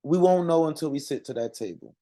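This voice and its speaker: Halting, mellow-voiced man talking. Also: fairly high pitch, animated. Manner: halting, many restarts and fillers. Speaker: religious community speaker. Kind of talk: unscripted monologue.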